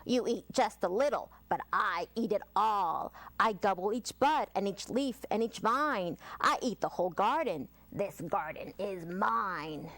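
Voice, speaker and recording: A woman's voice: medium pitch, a little slow, few pauses, a bit bright. A woman voicing a greedy woodchuck who eats the whole garden, in a storybook reading. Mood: boastful.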